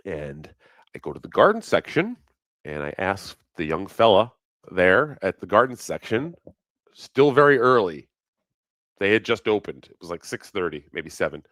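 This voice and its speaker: A man's voice: low-pitched, a bit bright, no echo. A man hosting a casual live stream, rambling and swearing freely, often breaking into laughter. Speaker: livestream host.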